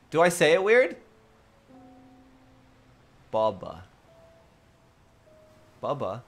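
An Australian man hosts a relaxed livestream chat from his home streaming setup. He talks slowly, his pitch swings up and down freely, and he keeps giggling and teasing his viewers. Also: faint music behind. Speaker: livestream host.

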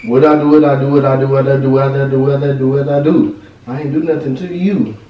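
Give me a playful young man of middle pitch who keeps repeating his teasing pleas. He sounds a step back from the mic in a bare, echoey room with a light hiss behind him. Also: fairly even intonation, fast talker, distant mic, dull audio. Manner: teasing, pleading, repeats himself a lot. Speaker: vlogger. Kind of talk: casual playful chat.

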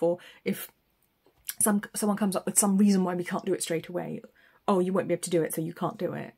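A woman's voice: medium pitch, darkish tone, breathy edge. Chatty woman doing a tarot reading. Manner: chatty, rambling, laughs often. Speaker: tarot reader. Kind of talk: casual spoken reading.

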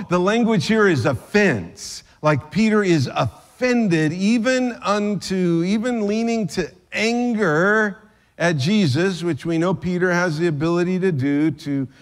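A man pastor giving a sermon in a conversational way, with joking asides. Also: on the high side.

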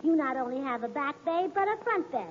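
A woman's voice: high-pitched, expressive, fairly quick, slight background noise. A woman in 1940s radio comedy acting, playing a dizzy, scatterbrained wife with chirpy delivery. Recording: dull lo-fi 1940s radio recording in a hall.

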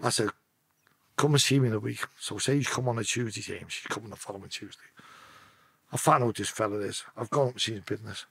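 A man's voice: fast talker, gravelly, slightly rough, no echo. A man with a Liverpool accent telling stories as a podcast guest, swearing freely and acting out the voices of the people in them. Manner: profane, acts out quoted voices with sharp pitch swings. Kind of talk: casual storytelling interview.

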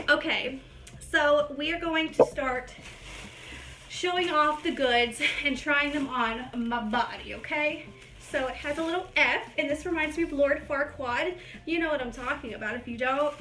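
Standing as she talks, a young woman chats through a try-on haul at home for her YouTube channel, a bit breathless and self-mocking. Her voice sits high, with a bright, forceful tone and a slightly slow delivery. There's a roomy echo in the indoor recording.

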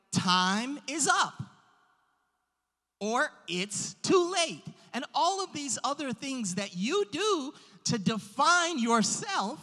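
Slow, animated church preacher, bright, long reverberant hall sound. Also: medium pitch. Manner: emphatic, drawn-out stresses on key words. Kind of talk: sermon. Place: church sanctuary.

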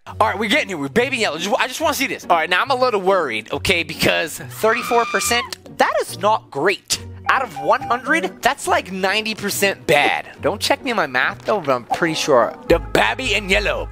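A middle-aged man giving goofy, excitable commentary while playing a video game, with sudden shouts and silly voices. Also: sits high, fairly quick, hardly any pauses, over music. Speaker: gaming channel host.

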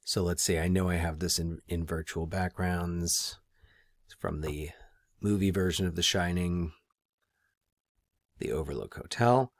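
A man teaching his students in a screen-recorded tutorial, relaxed and thinking aloud as he clicks through the steps. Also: low voice, measured pace, long pauses, no room sound, clean studio sound.

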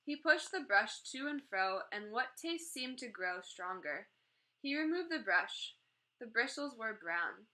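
Bright woman reading a storybook aloud. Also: fairly high pitch, expressive, unhurried, rough recording. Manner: gentle read-aloud, lightly voicing the characters. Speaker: storyteller reading a children's book.

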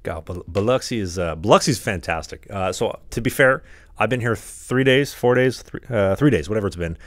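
A Canadian man, a podcast host and hockey goalie, chatting casually from a locker-room stall at a rink, joking and rambling with quick asides. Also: on the low side, expressive, no echo, clean studio sound.

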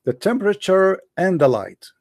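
A non-native English-speaking man hosting a debate, pitched a little high and recorded dry and close with no room sound. He explains patiently, checking in with "right?" and growing animated when he makes a point. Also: normal speed, dry recording. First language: not English. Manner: animated, lively storyteller. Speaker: debate host. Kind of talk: casual debate talk.

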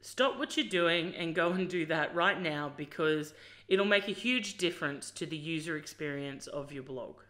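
A woman's voice: sits low, expressive, moderate pace, fairly bright tone. A woman hosting her own vlog, walking through a website on screen and gushing over it with enthusiasm. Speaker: fashion blogger and host. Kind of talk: casual screen-share walkthrough.

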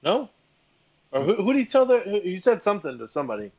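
A man's voice: high-pitched, very animated, quick pace, a little mellow, husky, dull audio. A man co-hosting a podcast, chiming in on a TV episode recap in a hesitant way and restarting his sentences. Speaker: podcast co-host. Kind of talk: casual chat recapping a TV episode.

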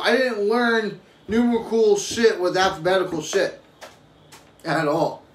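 A man's voice: high-pitched, lively intonation, a little slow. A young adult man and father talking casually on a live stream, telling rambling, profane stories. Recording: roomy echo with faint ambient noise.

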